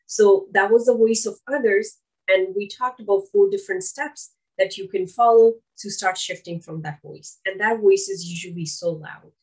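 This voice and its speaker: A woman's voice: mid-range voice, low-quality recording. A woman giving an earnest, coaching motivational talk, speaking straight to the listener as a friend.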